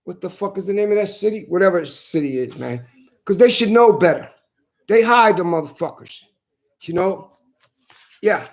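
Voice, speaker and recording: A man in a furious, profane rant, repeating himself and shouting at times. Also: high-pitched, animated, normal speed, pauses often. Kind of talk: angry profane rant to camera.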